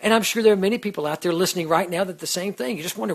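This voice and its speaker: A man's voice: sits high, lively intonation, quick pace, hardly any pauses, slightly rough. A man hosting a Christian radio show, talking about faith in an earnest, casual way, with lots of "you know" and restarts. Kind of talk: casual devotional talk.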